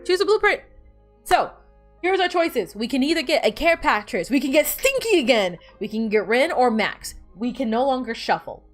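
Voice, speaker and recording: A woman's voice: high-pitched, sing-song, normal speed, soft background music. A woman streamer chatting casually while playing, rambling and bossing her game characters around. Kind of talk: casual gameplay chat.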